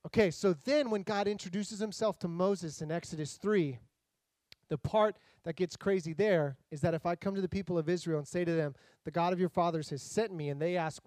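This male pastor's voice sits high and moves briskly, captured in a dry recording. His sermon is casual and full of jokes, and he animatedly performs the characters' voices as he tells each story.

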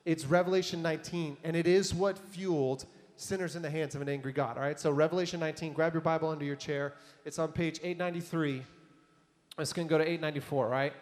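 Animated male preacher in an echoing hall. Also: on the high side. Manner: conversational, animated preaching with asides. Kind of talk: sermon. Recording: long hall reverb.

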